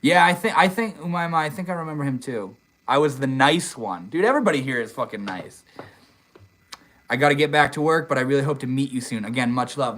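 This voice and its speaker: A man's voice: medium pitch, a bit bright, low-quality recording. Chill young guy streaming on his phone, reading chat, lots of dude and bro. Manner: laid-back, swears casually, says dude and bro a lot. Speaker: livestream host. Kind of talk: casual livestream chat reading comments. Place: outdoors in the desert.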